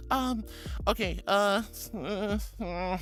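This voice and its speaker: Woman streamer with a middling pitch, bubbly and giggly, talking to viewers over faint music, calling them honey and sweetie. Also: expressive, extremely slow. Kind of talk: casual live-stream chat.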